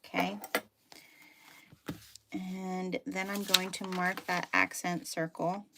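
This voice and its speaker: A woman's voice: lowish voice, flat delivery, slow pace, vocal fry, heavy background noise. A woman hosting a live sewing tutorial, chatting casually with lots of fillers and thinking aloud as she works. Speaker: sewing teacher hosting a live sew-along.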